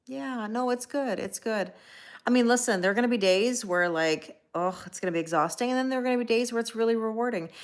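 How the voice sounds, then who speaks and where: A woman's voice: on the high side, fairly quick. A woman hosting a casual live stream. She rambles through a story, laughs at herself, and greets chat viewers by name as she goes. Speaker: livestream host and tarot reader; schoolteacher.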